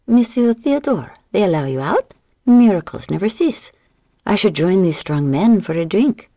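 A woman voicing a flirtatious tavern woman with a French accent, teasing and dropping into breathy whispers. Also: mid-range voice, very animated, normal speed, warm tone, no echo, pitched above the performer's own voice. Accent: French-flavored English. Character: flirtatious sultry tavern woman, sailor's wife.

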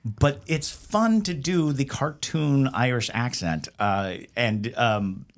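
A man co-hosting a casual chat, joking and filling pauses with ums and uhs. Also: mid-range voice. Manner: joking, animated, trails off with fillers. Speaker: podcast co-host.

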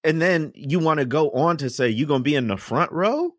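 A man's voice: on the high side, animated, fairly quick, fairly bright tone, dry recording, clean studio sound. A man co-hosting a casual political discussion, explaining earnestly and drawing on scripture. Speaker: podcast co-host.

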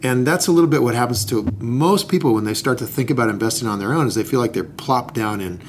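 A man's voice: mid-range voice, fast talker, a little hiss or hum. A man co-hosting a casual talk, explaining investing in a playful, jokey way. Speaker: podcast co-host teaching investing. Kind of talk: casual chat.

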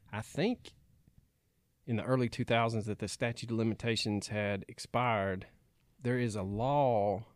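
A man's voice: mid-range voice, no room sound. Dry-witted man co-hosting a podcast. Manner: dry wisecracks between facts. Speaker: podcast co-host. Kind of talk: reading out research in casual chat.

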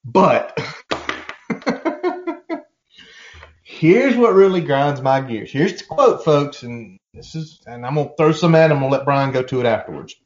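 Sports podcast co-host, male, animated and profane, lo-fi room sound. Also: medium pitch, a little slow, pauses often. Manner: animated, profane, acts out quoted exchanges. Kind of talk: casual sports chat. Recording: echoey room, dull lo-fi sound.

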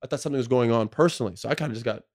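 Podcast co-host, man in his thirties, slangy, profane and emotional, mid-pitched voice. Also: very fast. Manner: emotional storytelling, slangy and profane, full of "like" and "bro". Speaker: podcast co-host, former pro basketball player. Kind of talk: casual podcast chat.

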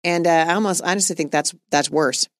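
A woman's voice: fairly low pitch, fairly quick, no echo. Earnest woman podcast host, dry sound. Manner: earnest, conversational, laughs easily. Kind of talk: casual podcast conversation.

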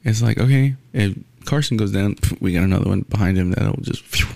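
A man's voice: fairly quick, a little mellow, dry recording. A man giving a blunt, profane, rambling sports rant in casual talk, full of restarts. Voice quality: gravelly, low.

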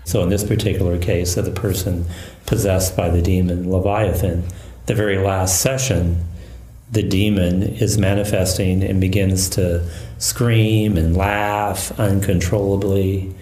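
A man who is a Catholic priest and exorcist, calmly recounting a case in an interview. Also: sits low. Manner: calm, measured storytelling. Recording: echoey room.

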